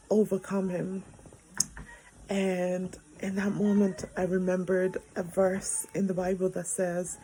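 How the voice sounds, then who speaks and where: A woman's voice: on the low side, warm tone, slight background noise, poor audio. A woman in her thirties, a mother telling a family story in a casual, rambling way with many fillers, recorded in a bedroom. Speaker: vlogger, mother.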